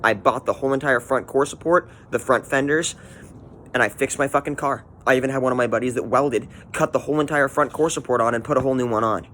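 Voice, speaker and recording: A man's voice: mid-range voice, fast talker, a bit bright, slight background noise. A man in his twenties bluntly telling a personal story, swearing often. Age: 20s. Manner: blunt, profane, candid storytelling. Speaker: vlogger.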